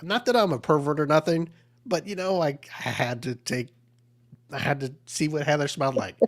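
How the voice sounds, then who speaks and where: A male podcast host with a slightly higher voice than most men. He rambles and teases his guest in a loose, casual way, stopping and restarting his sentences and filling the gaps with "uh." The chat stays easygoing throughout. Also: normal speed. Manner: rambling and teasing, full of fillers and restarts.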